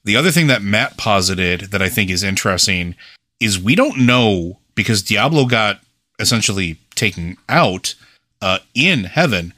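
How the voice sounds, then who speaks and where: This co-host's low-leaning voice is bright and forceful, with lively intonation and a moderate pace. He chats casually on the podcast, rambling and dropping fillers everywhere, in a dry, studio-quality recording.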